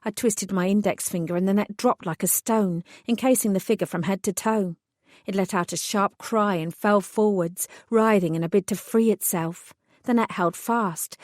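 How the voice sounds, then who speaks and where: A woman's voice: medium pitch, darkish tone, no room sound. A woman narrating a first-person fantasy audiobook in a dry, composed way.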